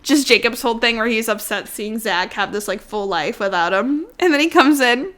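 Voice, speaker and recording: A woman co-hosting a podcast in casual, animated chat, swearing freely and acting out quotes. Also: a little high, moderate pace. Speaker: podcast co-host.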